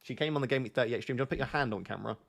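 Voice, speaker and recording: A man of ordinary pitch who talks at length in an easygoing, joking way, answering viewer questions on a live stream from his home setup. He rambles happily from one answer to the next. He is relaxed and quick to tease. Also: creaky. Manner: waffling, joking. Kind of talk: casual live-stream chat.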